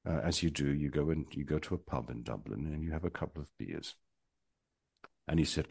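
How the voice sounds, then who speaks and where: A man's voice: a bass voice, a little fast, gravelly, darkish tone, slightly rough, dry recording. A man in his sixties, answering interview questions in a reflective, hesitant way with many ums and wry humor. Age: 60s. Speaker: guest.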